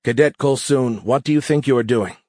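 A man's voice: mid-range voice, a little fast, darkish tone, no room sound, clean studio sound, pitched above the performer's own voice, natural voice. A man voicing a human female officer who speaks in a firm, controlled way in an audiobook.

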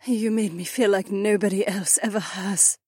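A man voicing a young woman soldier in a high, breathy falsetto, panting and gasping between words. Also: fairly even intonation, normal speed, a little mellow, no room sound, studio quality. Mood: breathless.

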